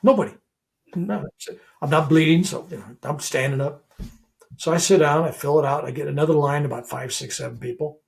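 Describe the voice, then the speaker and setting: Brief: older male reverend, gravelly, animated storyteller. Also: a little high, fairly quick. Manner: animated, acts out dialogue in retellings. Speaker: guest, reverend. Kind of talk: storytelling in a podcast interview.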